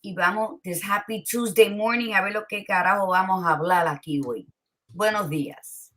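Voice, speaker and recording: A woman co-hosting a casual morning chat from home, lively and switching between English and Spanish, laughing often. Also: medium pitch, a little fast. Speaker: co-host. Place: home, by a window.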